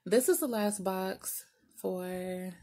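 A woman talks straight to her viewers in a casual home unboxing vlog, with a gravelly, creaky edge on her voice. She vents openly, cusses freely and keeps up chatty asides. Her pitch sits in an ordinary middle range, with a faint hiss behind her. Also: takes it slowly, warm tone. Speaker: vlogger and small business owner.

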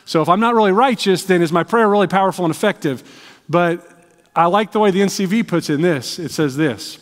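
In a church sanctuary with long hall reverb, a missionary preacher delivers a sermon in a high-pitched, quick voice. He tells personal stories conversationally, often restarting his sentences.

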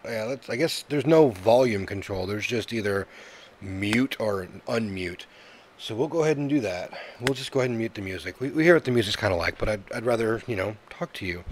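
A man's voice: on the low side, a little fast, slight background noise. A man hosting a casual let's-play commentary of a video game, chatty and joking, with lots of "uh" fillers. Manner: jokey, chatty, many "uh" fillers. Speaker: gaming YouTuber.

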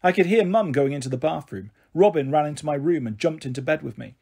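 A man reads a children's novel aloud in a husky, slightly raspy voice pitched a little high. He is expressive and changes his voice for each figure in the story. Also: quick pace. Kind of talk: audiobook reading of a children's novel.

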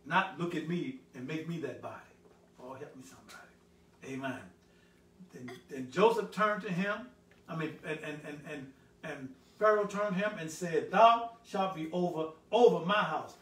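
A male pastor preaching a sermon, swelling loud on scripture and dropping low for "help me, somebody.". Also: normal speed. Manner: call-and-response preaching, swells loud then drops low. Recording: echoey room, voice from a distance.

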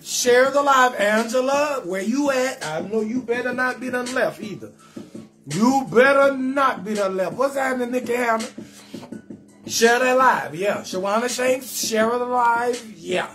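A man hosting a live comedy stream, shouting out viewers and roasting their names in a loud, sing-song, laughing way. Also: very high voice, unhurried, soft background music.

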